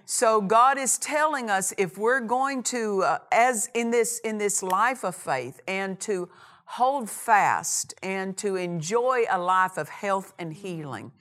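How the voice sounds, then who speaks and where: Woman preacher, mid pitch, emphatic sermon delivery. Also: animated, fairly bright tone. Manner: emphatic, repeats key phrases, slows on scripture.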